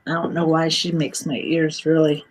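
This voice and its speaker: A woman giving a psychic reading on a live stream, speaking slowly and carefully with clear emotion. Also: low voice, little pitch movement, a little mellow, rough recording. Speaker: psychic reader.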